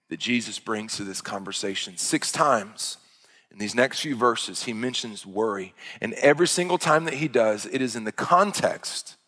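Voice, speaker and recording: A man's voice: medium pitch, a bit bright, long reverb tail. A man preaching a sermon in an earnest, emphatic way, stressing points through repetition.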